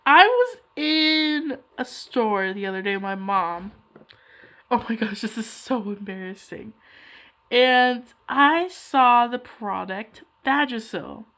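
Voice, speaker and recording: Young woman, fairly high voice, casual rambling chat, self-deprecating asides, drawing vlog. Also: expressive, slow, fairly bright tone. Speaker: hobby artist vlogger.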